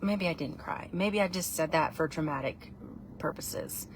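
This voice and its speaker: A woman's voice: sits low, normal speed, slight background noise. A woman, chatting in a casual, rambling vlog, playful and self-mocking. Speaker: vlogger.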